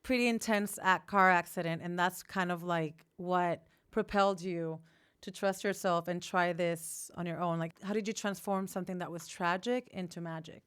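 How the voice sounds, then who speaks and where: A woman host with a smooth, resonant voice leads a live interview at a studio event. She asks questions and adds short supportive affirmations. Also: fairly low pitch, fairly even intonation, moderate pace, fairly bright tone. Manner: supportive, brief affirmations and prompts.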